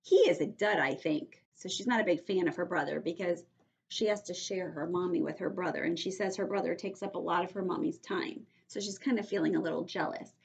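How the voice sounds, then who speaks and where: A woman teacher reading a story aloud to young children, explaining words slowly and patiently and checking in with them often. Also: lowish voice, fairly even intonation, creaky. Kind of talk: read-aloud vocabulary lesson for young children.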